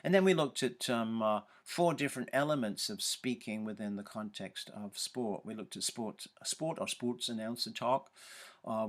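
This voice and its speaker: A man's voice: medium pitch, a bit bright. Hesitant male lecturer. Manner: hesitant, many ums and uhs. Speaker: university lecturer. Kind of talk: recorded lecture.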